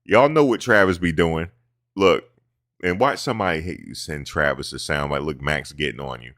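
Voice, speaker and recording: Deep-voiced dude going off about football, cussing and riffing, dry close sound. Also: male voice, moderate pace, dry recording. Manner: animated, profane, mocks players' interview voices. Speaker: sports commentary host. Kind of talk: casual sports talk.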